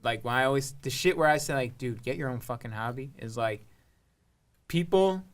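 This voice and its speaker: A young man from Long Island with a high-pitched voice, chatting casually and swearing freely, with a loose, laughing manner. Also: normal speed. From Long Island, New York. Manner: loose, profane, laughing a lot. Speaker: rapper. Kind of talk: casual chat.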